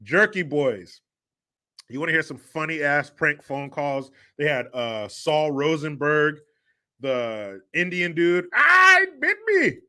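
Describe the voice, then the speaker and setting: Bright-voiced rambling male host. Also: a little high, slow, smooth. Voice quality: rambling, laughing, profane. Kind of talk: casual rant and chat.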